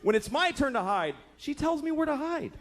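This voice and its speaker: A man in his thirties doing a stand-up comedy set, profane and exasperated, acting out characters in quick asides. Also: extremely high pitch, sing-song, background noise. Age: 30s.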